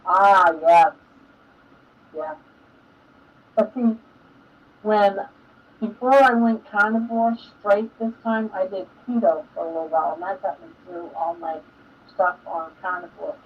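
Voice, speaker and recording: Husky older woman, distant and dull. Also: mid-range voice, measured pace, pauses often. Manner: chatty and emotional, laughs often. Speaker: live stream host. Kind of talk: casual chat. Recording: dull lo-fi sound, distant from mic.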